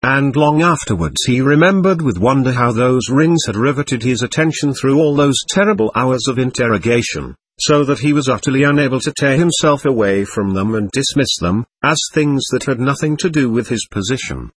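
A man narrating a classic novel as an audiobook reader, in an expressive, measured way. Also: mid-range voice, breathy edge.

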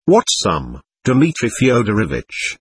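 A man's voice: lowish voice, wildly swooping pitch, slow, husky, no echo, exaggerated voice. A man voicing a flighty, effusive middle-aged society lady in a storybook reading, sweetly condescending. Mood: airily dismissive.

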